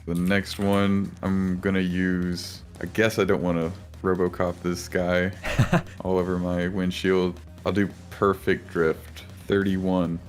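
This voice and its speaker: Relaxed male player, lowish voice, chuckling, faint music underneath. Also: slow. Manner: laid-back, laughing, describes his actions. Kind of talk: casual tabletop play.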